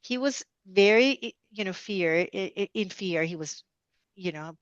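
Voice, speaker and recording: A middle-aged woman tells her stories with animation, scattering little asides as she goes. She is a guest dentist on an interview show. Her voice sits at an ordinary pitch, and the recording is dry and dull with little top end. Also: measured pace, no echo. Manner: animated storyteller, many "you know" asides. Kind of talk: conversational storytelling interview.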